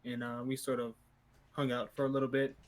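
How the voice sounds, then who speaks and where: A man playing a tabletop game, recapping hesitantly with many pauses. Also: mid-range voice, monotone. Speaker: player. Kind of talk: casual in-character recap.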